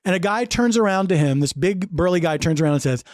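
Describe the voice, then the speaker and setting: Animated man retelling a movie. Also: high-pitched, fast, no echo, clean studio sound. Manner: animated storytelling, acts out character lines, laughs often. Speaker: podcast guest recapping a film. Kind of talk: casual chat.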